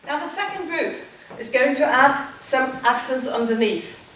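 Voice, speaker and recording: A woman teaching a dance routine, counting the beats and calling each step in rhythm. Her voice sits a little high and comes from some distance away. It rings in a very echoey room with loud noise behind it. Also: a little slow.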